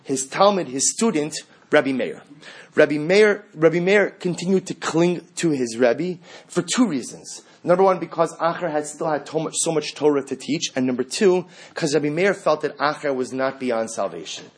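A man with a high, husky voice leads a Talmud class. He acts out the dialogue between the figures and builds to emphatic peaks as he drives his point home. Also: normal speed. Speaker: rabbi teaching Talmud.

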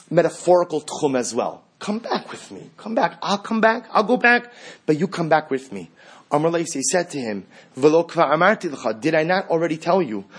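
A man's voice: sits high, breathy edge. A man teaching a Talmud class, acting out the dialogue and building to emphatic peaks. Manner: animated, acts out dialogue, rises to emphatic peaks.

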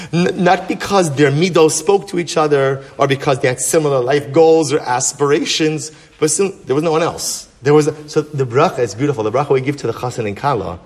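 A rabbi gives a Torah class in a medium-pitched male voice. He teaches with energy, throwing out rhetorical questions to his listeners.

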